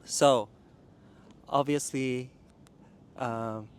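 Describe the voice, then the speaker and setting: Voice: medium pitch, fairly even intonation, drawn-out words. An interviewer in a casual chat who asks short questions and keeps brief prompts going. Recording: faint noise, without a mic.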